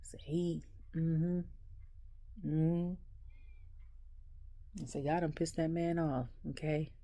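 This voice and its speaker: Female home vlogger, deep voice, lively laughing storyteller, dry room. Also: moderate pace, no echo. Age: adult. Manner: animated storyteller who laughs often. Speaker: wrestling review vlogger. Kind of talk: casual ranting recap.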